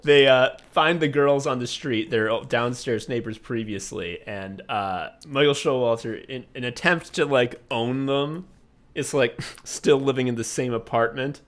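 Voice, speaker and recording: A man's voice: medium pitch, a little slow, fairly bright tone. A man co-hosting a casual comedy podcast, retelling scenes eagerly, laughing often and swearing casually. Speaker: podcast co-host.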